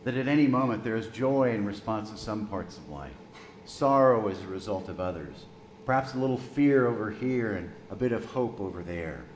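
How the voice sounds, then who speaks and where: A man in his sixties, a pastor preaching a sermon, telling a story gently and slowing down for emphasis. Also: fairly low pitch, lively intonation, reverberant, slight background noise, poor audio.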